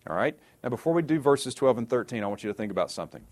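A man's voice: medium pitch, lively intonation, racing, darkish tone. A man teaching a sermon in a conversational way, often checking in with his listeners and adding sarcastic asides. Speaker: Bible teacher.

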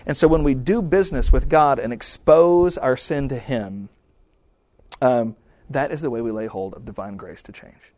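A man preaching in an easy, conversational way, slipping into little acted-out prayers and remarks as he goes. His voice sits at an ordinary middle pitch. The sound is dry and close, with no room echo. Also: moderate pace, darkish tone. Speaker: pastor. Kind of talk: sermon.

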